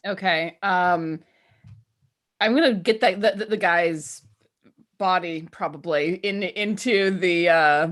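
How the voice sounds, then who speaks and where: A woman's voice: on the low side, slow pace, fairly bright tone. A woman playing a tabletop game, talking bluntly and casually, stumbling over words and swearing. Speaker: player.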